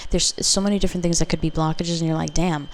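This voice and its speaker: A woman with a low, gravelly voice gives a casual pick-a-card tarot reading. She talks in a flat, even tone and rambles from one intuition to the next, full of filler words. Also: racing, a little hiss or hum. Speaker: tarot reader.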